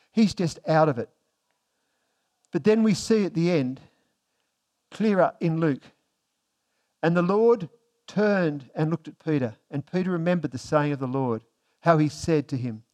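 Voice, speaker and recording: A man preaching a conversational sermon, reading scripture slowly and softly between plain explanations. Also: on the high side.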